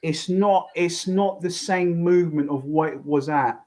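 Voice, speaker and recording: A young man hosts a fight reaction with a fairly high voice. He rants and swears, circling back over the same words again and again. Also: unhurried, darkish tone, poor audio. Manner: swears a lot, repeats himself, rants. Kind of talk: excited fight reaction commentary.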